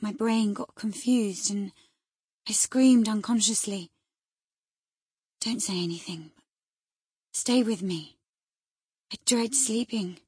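A woman's voice: a little high, darkish tone, slightly rough, no room sound, clean studio sound, full character voice. A woman voicing a feverish, frightened young lady. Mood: pleading. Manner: breathless, anxious, often whispered. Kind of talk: audiobook character reading.

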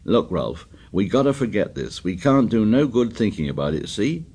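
A man voicing an anxious, stubborn schoolboy who speaks in a shrill, insistent, pleading way. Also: sing-song, normal speed, darkish tone, slightly rough.

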